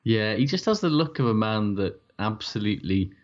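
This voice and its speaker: A man's voice: on the low side, very animated, moderate pace, lo-fi sound. A man co-hosting a podcast in laid-back, joking banter. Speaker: podcast co-host. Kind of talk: casual chat.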